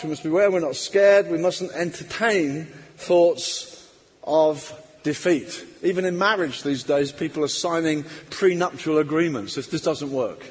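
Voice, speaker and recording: A man's voice: a little high, breathy edge. A man preaching a sermon emphatically, acting out quoted voices. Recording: long hall reverb.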